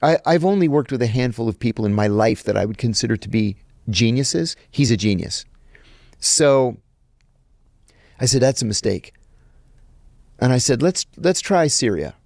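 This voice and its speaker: A man's voice: medium pitch, moderate pace, creaky, pauses often, no room sound, clean studio sound. A middle-aged man telling a long anecdote in an interview, acting out the lines he quotes. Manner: animated anecdote teller, acts out quoted lines. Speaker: guest, former intelligence officer. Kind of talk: storytelling in an interview.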